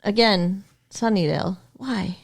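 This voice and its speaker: A woman's voice: mid-range voice, unhurried, gravelly. A woman co-hosting a casual chat podcast, blunt and teasing, who laughs often. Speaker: podcast co-host.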